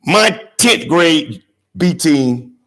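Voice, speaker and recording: Gravelly man telling a lively story. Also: fairly high pitch, extremely slow. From Georgia, USA. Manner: call-and-response with the audience, dramatic swings from hushed to shouting. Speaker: graduation guest speaker. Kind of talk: animated storytelling speech.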